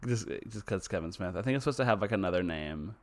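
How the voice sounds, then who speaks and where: A man's voice: low voice, lively intonation, fast. A man co-hosting a podcast in casual chat, swearing freely and trailing off mid-thought. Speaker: podcast co-host.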